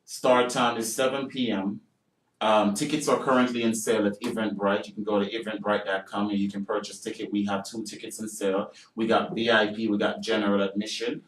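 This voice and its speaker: A Jamaican actor with a Jamaican accent, chatting loosely as a guest in a radio interview, full of "you know" fillers. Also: male voice, lowish voice, level tone, a little fast, reverberant, distant mic, low-quality recording. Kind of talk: casual radio interview chat. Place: radio studio.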